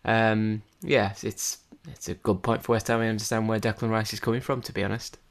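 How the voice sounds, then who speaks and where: A man's voice: fairly low pitch, fairly even intonation, brisk. A man chatting about football on a podcast, rambling and full of restarts. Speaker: podcast co-host. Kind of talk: casual football chat.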